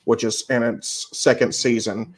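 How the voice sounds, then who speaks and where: A man's voice: mid-range voice, fairly even intonation, a little slow. A man co-hosting a podcast, recommending books and films in casual chat with an emphatic, profane manner. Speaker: podcast co-host.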